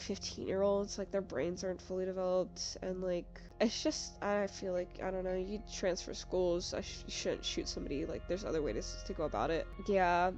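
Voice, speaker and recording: A woman's voice: mid-range voice, darkish tone. A young woman giving casual, rambling game commentary, full of fillers, with game music behind. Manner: chatty, filler-heavy, rambling. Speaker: gaming youtuber.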